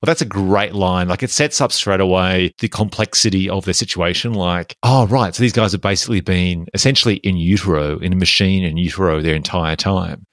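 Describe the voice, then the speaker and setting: A man's voice: low voice, brisk, few pauses, fairly bright tone, dry recording, studio quality. A man co-hosting a podcast, talking about movies at length in an enthusiastic, analytical way. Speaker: podcast co-host. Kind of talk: casual film discussion.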